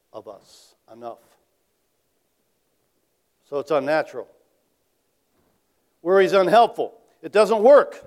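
A man preaching a sermon in a conversational way, often asking the congregation rhetorical questions and dropping to quiet tag questions. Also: high voice. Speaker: pastor.

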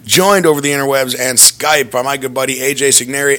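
A man hosting a podcast in casual chat, jokey and lively, riffing on pop culture. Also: mid-range voice, fairly quick. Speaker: podcast host.

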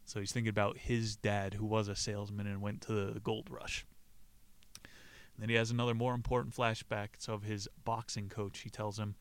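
A man's voice: lowish voice, level tone, normal speed, clear, resonant tone, dry recording. Casual profane male podcast host. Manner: profane, laughing, acts out quoted lines. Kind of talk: casual retelling of a play.

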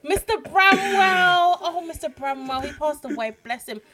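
A woman, co-hosting a podcast, blunt and animated in casual chat. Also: high-pitched, a little fast, a crowd in the background. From London. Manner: blunt, animated, swears freely. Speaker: podcast co-host.

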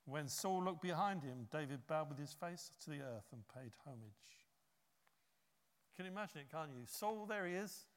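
A man preaching a sermon, telling a story with lively acted-out quotes. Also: a little high, normal speed, big-room sound. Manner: animated storytelling, acts out quotes.

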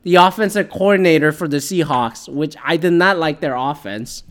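A man's voice: on the high side, normal speed. A man ranting casually about football, profane and sarcastic, with lots of fillers and asides. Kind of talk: casual opinionated sports rant.

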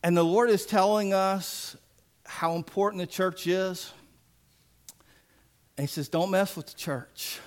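A man's voice: high voice, fairly even intonation, unhurried, pauses often. A man preaching a sermon as pastor, folksy and emphatic with playful asides.

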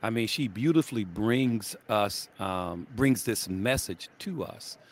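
Lively older man telling stories. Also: lowish voice, measured pace. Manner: animated storyteller, acts out voices with laughter. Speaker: podcast co-host. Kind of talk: casual faith podcast chat.

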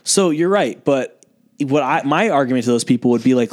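Male podcast host and gym trainer, mid-pitched, emphatic, exasperated, swears freely. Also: lively intonation, fairly quick. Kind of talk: casual podcast chat.

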